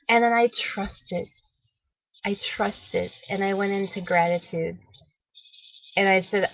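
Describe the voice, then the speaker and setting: A woman hosting a wellness show, telling a personal story in a lively, animated way, acting out what people said and laughing often. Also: mid-range voice, unhurried, pauses often, dry recording, muffled recording.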